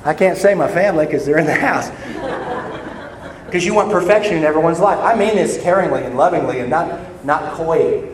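An older man preaching a sermon, swinging between loud shouted points and quiet, joking asides to his congregation. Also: fairly high pitch, brisk, crowd noise. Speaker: pastor. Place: church sanctuary. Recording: echoey church hall from far off.

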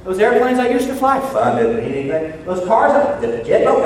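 An older man preaching a sermon, swinging between loud shouted points and quiet, joking asides to his congregation. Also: high-pitched, very animated, a little fast. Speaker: pastor. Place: church sanctuary. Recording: echoey church hall from far off.

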